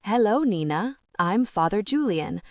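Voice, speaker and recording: A woman playing a short, kind older male reverend with a thick foreign accent, speaking in a slow, solemn liturgical way. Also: sits high, animated, a little mellow, dry recording, studio quality. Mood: kindly.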